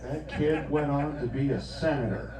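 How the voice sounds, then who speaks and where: A man's voice: a little high, moderate pace, distant mic, very noisy. A man in his early forties doing a stand-up comedy set on a club stage, with a loose, rambling delivery full of restarts. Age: early 40s. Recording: roomy live club recording from off-mic. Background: audience laughter.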